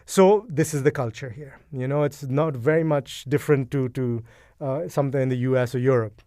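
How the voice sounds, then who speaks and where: A middle-aged man, a guest in an interview, telling his story in a casual, animated and emotional way. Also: mid-range voice, a little fast, no room sound, clean studio sound. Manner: animated, emotional, acts out past dialogue. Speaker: guest, event co-founder.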